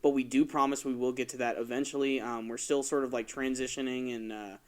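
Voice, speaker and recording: A man's voice: mid-range voice, flat delivery, fairly quick. A man in his twenties hosting a podcast, talking in a laid-back way full of fillers. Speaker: podcast host. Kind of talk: casual chat.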